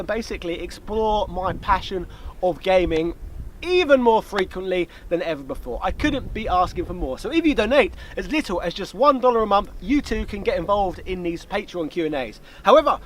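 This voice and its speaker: Guy doing a casual q&a, jokey asides, high-ish voice. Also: animated, a little hiss or hum, poor audio. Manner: chatty, jokey, quick asides. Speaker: YouTube host. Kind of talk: casual Q&A chat. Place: outdoor location, light background noise.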